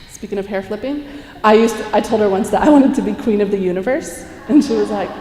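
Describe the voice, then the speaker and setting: An animated woman speaker addresses a live audience with an inspirational talk, her mid-range voice fairly quick. She performs quotes as she tells stories and laughs often. The recording catches her from afar in a large, echoing conference hall.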